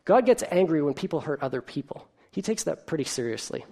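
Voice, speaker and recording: A pastor delivering a sermon in a lively storytelling way. The voice sits in a middle pitch. The delivery leans on rhetorical questions and the odd "um.". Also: brisk, husky. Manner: animated storytelling with rhetorical questions and filler ums.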